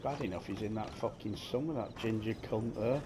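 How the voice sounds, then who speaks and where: A man's voice: fairly low pitch, brisk, background noise. A man commentating his gameplay and swearing crudely as he jokes at game characters.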